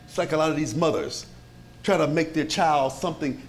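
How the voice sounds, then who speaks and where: A pastor preaching to his congregation in a lively, conversational way, with many rhetorical questions and frequent chuckles. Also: on the high side, brisk. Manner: chuckles often. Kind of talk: sermon.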